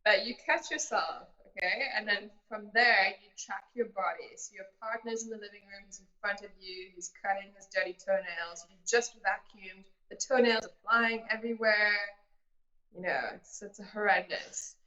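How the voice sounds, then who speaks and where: Woman, relationship coach, earnest explanatory advice, bright tone, echoey muffled video-call audio. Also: medium pitch, normal speed. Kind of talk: casual interview advice.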